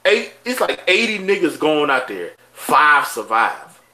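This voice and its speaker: Animated swearing man, bright tense voice. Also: fairly high pitch, measured pace. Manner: loud, animated, swearing, laughing often. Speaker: podcast co-host. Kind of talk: casual chat.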